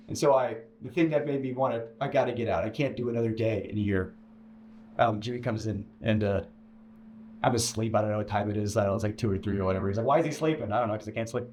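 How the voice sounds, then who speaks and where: A man telling a personal story as an interview guest, full of stammered restarts and sudden jumps into a high, animated voice. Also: brisk. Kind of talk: casual storytelling. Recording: echoey room with faint ambience.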